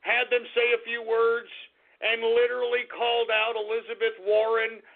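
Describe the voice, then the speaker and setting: Male radio host on an angry repetitive rant; high, raspy-edged voice; lo-fi phone-quality recording. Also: monotone, normal speed. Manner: angry, ranting, swearing, repeating himself. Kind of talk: live talk radio rant.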